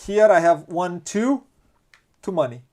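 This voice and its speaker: Slow, thinking-aloud Romanian-accented man. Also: high-pitched, very animated, dark tone. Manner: thinks aloud, counts pieces, many restarts. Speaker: board game channel host. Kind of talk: casual board game playthrough.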